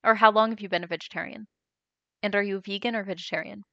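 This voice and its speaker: A woman's voice: medium pitch, steady tone, fast, vocal fry, pushed and bright, no echo, highs cut off. Young adult female streamer, casual chatter, dry close sound. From United States. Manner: chatty, reads chat aloud and reacts with laughs. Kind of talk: casual live-stream chat.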